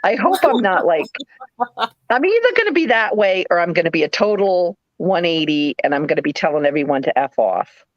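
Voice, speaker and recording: Chatty New England woman, lively storyteller. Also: on the low side, a little fast, no room sound, dull audio. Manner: rambling, animated storytelling with playful put-on voices. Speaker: live sale host, former nurse. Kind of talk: casual chat.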